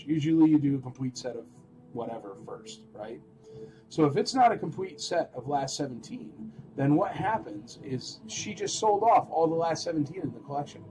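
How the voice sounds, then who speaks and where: Rambling animated man hosting an auction. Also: on the high side, normal speed, soft background music, poor audio. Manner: rambling, animated, calls out bids. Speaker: live auction host. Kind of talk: casual live-stream auction chat.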